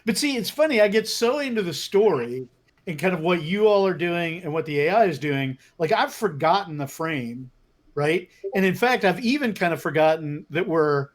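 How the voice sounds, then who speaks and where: An older man talks casually on a game stream, and his voice leaps up and down with animation. He laughs often and restarts his sentences. His pitch sits a touch high for a man. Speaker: writer and stream co-host. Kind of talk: casual chat while playing a text game.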